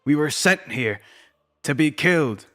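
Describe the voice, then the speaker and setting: A man voicing a calm, confident veteran warrior who speaks with a folksy burr and calls people lad. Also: a little high, unhurried. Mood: serious. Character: seasoned male warrior guide, calm and confident.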